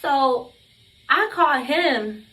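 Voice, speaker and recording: A woman's voice: sits high, animated, very slow, sharp tone. Blunt, foul-mouthed young woman telling a story. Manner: blunt, heavy cursing, emphatic storytelling. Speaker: vlogger. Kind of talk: storytime vlog.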